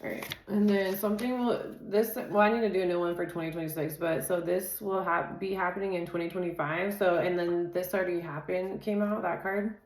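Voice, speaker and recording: A woman's voice: lowish voice, fairly even intonation, fairly quick, hardly any pauses, echoey room. A woman reading tarot in a casual way. She rattles off lists of card keywords and often laughs and drifts into side chatter. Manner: laughs easily and chats off-topic. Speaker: tarot reader.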